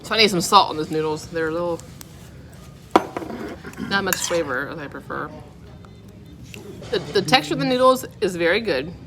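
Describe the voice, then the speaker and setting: Chatty low-voiced woman reviewing food. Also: animated, moderate pace, pauses often, over music. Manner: chatty, candid, rates each dish out of ten. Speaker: food vlogger. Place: restaurant dining room. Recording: restaurant background noise.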